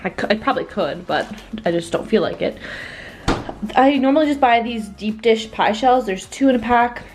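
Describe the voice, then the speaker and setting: A woman's voice: a little high, lively intonation, moderate pace, darkish tone. A young woman, heavily pregnant and out of breath, chatting casually through a cooking vlog in her home kitchen, full of likes and ums. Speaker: vlogger.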